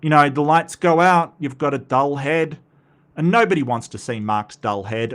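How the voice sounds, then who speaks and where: A man's voice: fairly high pitch, lively intonation, moderate pace, a bit bright. An Australian man hosting a casual livestream, chatty and rambling, with frequent asides and restarts. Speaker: livestream host.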